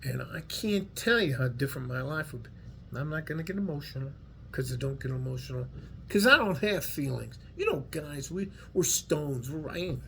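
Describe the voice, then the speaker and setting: A middle-aged man with a West Texas twang and a gravelly, somewhat high voice talks straight to his viewers. He rambles in an earnest, folksy way and curses freely. A faint hiss sits under the recording. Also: a little fast. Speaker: vlogger. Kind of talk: casual heartfelt monologue to viewers.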